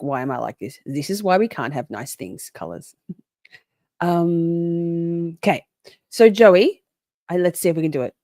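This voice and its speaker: A woman's voice: fairly low pitch, mellow, no echo, studio quality. A woman giving casual, profane, sarcastic reaction commentary to a clip, with frequent laughing asides. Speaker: commentary streamer.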